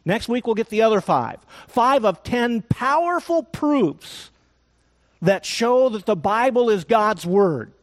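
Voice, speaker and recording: A male pastor preaching a sermon, telling an animated story with joking asides. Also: high voice, takes it slowly.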